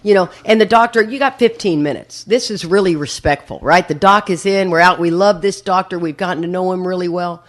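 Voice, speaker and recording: A woman's voice: fairly low pitch, fairly quick, hardly any pauses. A woman speaking at a recovery meeting, telling a humorous personal story with lots of laughter and acted-out voices. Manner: animated, laughs often, acts out others' voices.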